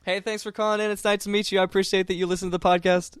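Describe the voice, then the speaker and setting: A young man from Indiana jokes his way through a podcast chat in an easygoing manner. His voice sits a little high. The recording is dry and close. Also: little pitch movement, rapid-fire, clean tone, dry recording. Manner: playful, says dude a lot. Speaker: podcast co-host.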